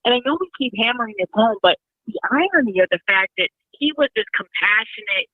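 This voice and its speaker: A woman's voice: fairly high pitch, expressive, brisk, no echo. A woman calling in as a guest on political talk radio, earnest and opinionated, often restarting her sentences. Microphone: telephone. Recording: tinny phone line.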